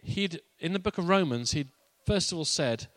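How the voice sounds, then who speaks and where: A man's voice: a little high, animated, moderate pace, a bit bright, no echo. A man preaching a sermon as a pastor, in a conversational, playful way with asides.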